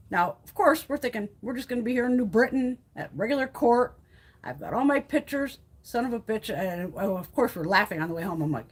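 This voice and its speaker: A woman's voice: on the high side, sing-song, fairly quick, breathy edge. A middle-aged woman from Connecticut, chatting casually on a live stream from her phone at home, telling rambling, profane stories. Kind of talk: casual chat. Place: home by a wood stove.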